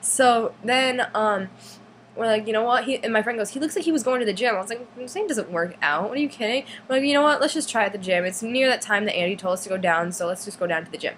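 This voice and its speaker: Excited rambling teenage girl storyteller. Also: mid-range voice, quick pace, a little hiss or hum. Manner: excited, rambling, frequent "like" fillers. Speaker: vlogger. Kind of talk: casual storytelling.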